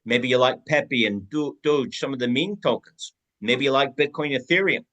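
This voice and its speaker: A man's voice: medium pitch, normal speed, a bit bright, rough recording. A man giving a team sales training talk, acting out both sides of example conversations.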